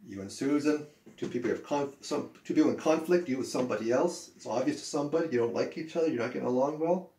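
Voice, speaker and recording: Talking fast in a warm, medium-pitched voice, a male ESL teacher works through English grammar at a whiteboard and performs his example sentences with swooping intonation. Faint noise and echo fill the room.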